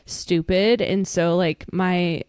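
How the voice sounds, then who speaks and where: Frank woman with a smooth, low voice. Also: takes it slowly, no room sound, studio quality. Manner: frank, relaxed, laughs easily. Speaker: podcast co-host. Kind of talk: casual recovery podcast talk.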